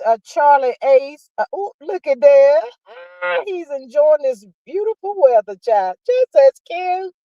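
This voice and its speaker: A sassy woman hosts a casual livestream gossip chat in a fairly high voice with a mellow, warm tone. She draws out her words and calls her viewers honey and child. The sound is dry and a little dull. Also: no echo. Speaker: livestream host.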